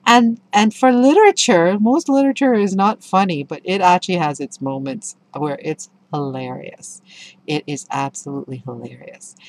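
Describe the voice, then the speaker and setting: Middle-aged lady chatting about a book she loves, low deep voice, really expressive storyteller. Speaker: book reviewer. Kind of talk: casual spoken book review with anecdotes.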